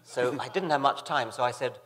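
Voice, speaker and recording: An older man telling anecdotes as a guest on a stage, halting and dryly humorous, with many restarts. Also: mid-range voice, fairly bright tone. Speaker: guest author. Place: stage in a large hall, live audience. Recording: reverberant hall with audience.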